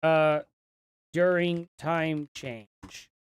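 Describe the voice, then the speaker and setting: A middle-aged man hosting a casual livestream, thinking out loud and reading chat aloud, with lots of ums and restarts. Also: fairly high pitch, very slow, smooth, no room sound. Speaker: livestream host.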